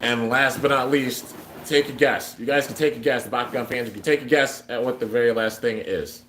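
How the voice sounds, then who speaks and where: A young man chats casually and upbeatly as he hosts a toy giveaway on his livestream. His voice sits at an ordinary middle pitch. It rings in a roomy, echoey space with a faint hiss underneath. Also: steady tone, fairly quick, a bit bright. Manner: upbeat, chatty, reads out chat comments. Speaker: streamer hosting a toy giveaway.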